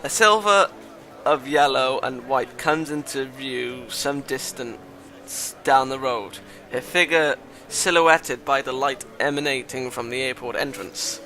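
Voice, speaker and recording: Man, bright and forceful voice, reads a visual novel aloud with dramatic flair and sudden swearing outbursts. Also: mid-range voice, steady tone, takes it slowly, faint music behind. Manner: dramatic reading broken by loud exclamations and swearing. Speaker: visual novel let's-play reader. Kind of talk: reading a visual novel aloud with joking asides.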